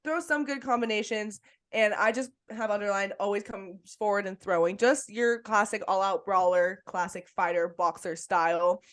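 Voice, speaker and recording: A woman's voice: medium pitch, fairly even intonation, moderate pace, fairly bright tone. A woman co-hosting a casual sports podcast, talking with enthusiasm and laughing often. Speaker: podcast co-host.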